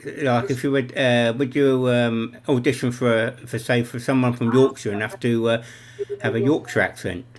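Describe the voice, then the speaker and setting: A man puts a question to a guest over a video call. His voice is mid-pitched. He halts and stumbles as he asks. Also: fairly even intonation, normal speed. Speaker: channel host.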